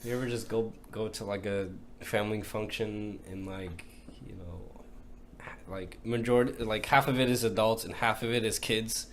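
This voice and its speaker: A man's voice: on the low side, fairly even intonation, moderate pace, fairly bright tone. A young man co-hosting a casual podcast, talking in laid-back slang with lots of filler words. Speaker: podcast co-host. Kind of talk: casual chat. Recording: background noise.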